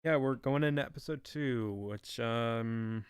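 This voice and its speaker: A man's voice: medium pitch, a little slow, clean tone, no echo, clean studio sound. Casual, swearing young man thinking aloud. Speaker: fan game storyteller. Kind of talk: casual unscripted commentary.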